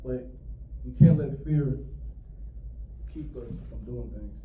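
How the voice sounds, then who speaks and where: A man's voice: medium pitch, slow pace, phone-quality sound, slight background noise. A man doing a stand-up comedy set for a live audience, telling a family story and laughing at his own punchlines. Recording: roomy, from a distance.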